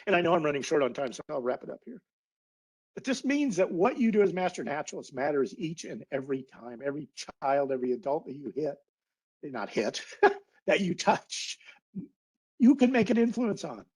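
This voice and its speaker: A man's voice: on the high side, very animated, moderate pace, darkish tone, slightly rough, poor audio. Earnest man speaking in a webinar. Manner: earnest, heartfelt, a little emotional. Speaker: guest speaker, naturalist biologist. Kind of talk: webinar talk.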